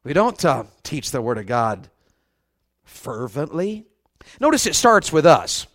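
A man's voice: fairly high pitch, very animated, unhurried, a bit bright, no room sound. A man with a Southern US accent preaching a fervent revival sermon, often putting questions to the congregation. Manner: fervent, asks the crowd questions.

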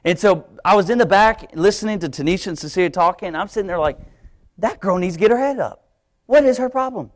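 Young guy preaching at church, kinda high voice, jumps from loud to quiet telling his story. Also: fast. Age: young adult. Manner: animated storytelling, acting out his own inner voice. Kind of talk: sermon with personal story. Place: church sanctuary, live stream.

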